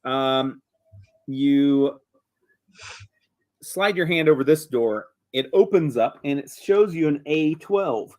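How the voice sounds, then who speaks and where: A man running a tabletop game as game master, talking in a relaxed, hesitant way full of ums. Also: on the high side, slow, pauses often.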